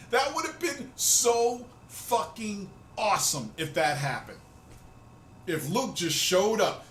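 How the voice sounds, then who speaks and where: High, animated man ranting profanely. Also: slow pace, reverberant, a little hiss or hum. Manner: loud, excitable, swearing freely. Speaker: host of a rant video. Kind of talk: profane fan rant.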